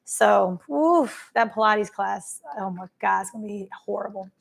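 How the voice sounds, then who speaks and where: A woman's voice: mid-range voice, unhurried, vocal fry. A woman hosting a casual live stream, effusively reading and thanking viewers' comments by name. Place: travelling, streaming from a holiday spot.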